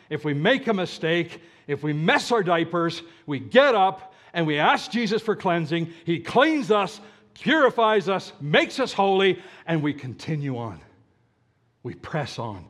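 A man preaching a sermon, often asking his listeners questions and stressing words slowly. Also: high-pitched. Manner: asks the audience questions, slow deliberate emphasis. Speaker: pastor.

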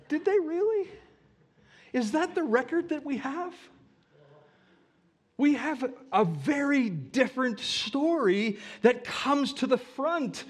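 Male pastor, middle-aged, sermon, high voice, swooping lively delivery. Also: slow pace. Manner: animated, rhetorical questions, mock-whiny quoting.

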